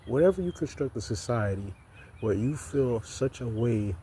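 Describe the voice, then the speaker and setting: A man's voice: medium pitch, expressive, normal speed, mellow, slight background noise. A man giving an impassioned, profane monologue, repeating himself and stumbling over restarts. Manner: heated, repetitive, stammers and restarts. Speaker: vlogger.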